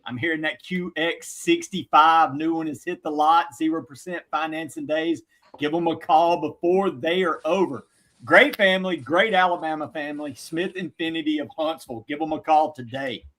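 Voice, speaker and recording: A man, an analyst on a sports talk show, delivers a quick live read for a sponsor. His voice sits a bit high for a man, and the pitch is brisk and salesy. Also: a bit bright.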